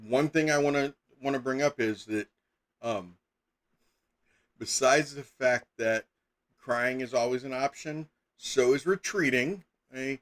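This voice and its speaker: On a live stream, a middle-aged man acting as game master chats casually, rambling with plenty of fillers and breaking into sudden emphatic bursts. His voice is medium-pitched and fairly bright, and he speaks at a measured pace.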